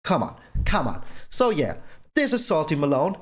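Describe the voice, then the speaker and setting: A man's voice: a little high, wildly swooping pitch, moderate pace. A man hosting his own gameplay channel, commenting on a card game in an exasperated rant that keeps repeating itself. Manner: exasperated ranting, repeats himself. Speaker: channel host.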